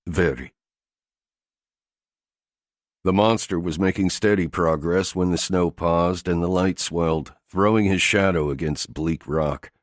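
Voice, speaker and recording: A man narrating an action thriller audiobook in a steady, gritty delivery. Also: low-pitched, normal speed, few pauses, no echo, clean studio sound.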